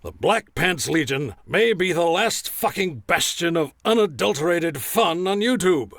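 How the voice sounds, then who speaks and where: An actor playing a crude, hard-drinking middle-aged arena announcer who talks in a blustering, profane, indignant way. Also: male voice, fairly high pitch, animated, unhurried, gravelly, a bit bright, no echo, studio quality, full character voice. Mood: ranting. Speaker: announcer recording an ad spot. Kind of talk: comedy skit acting.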